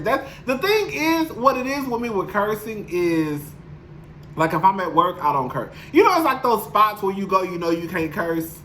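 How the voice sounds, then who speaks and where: A man's voice: high voice, bright, forceful tone, slight background noise. Candid, profane man vlogging from home. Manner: candid, emotional, profane, addresses viewers as y'all. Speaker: YouTube commentator. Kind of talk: casual vlog chat. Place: home apartment. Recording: roomy echo.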